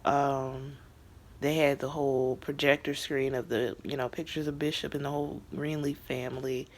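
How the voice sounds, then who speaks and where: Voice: mid-range voice, little pitch movement, normal speed. A young adult recapping a TV episode in a casual vlog, talking in a chatty, emotional way with lots of fillers and some whispered asides. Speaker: TV show reviewer.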